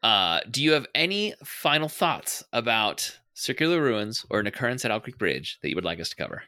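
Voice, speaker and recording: A man's voice: medium pitch, sing-song, a little fast, pushed and bright, no room sound. A man hosting a podcast in casual chat, rambling with fillers and restarts. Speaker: podcast host.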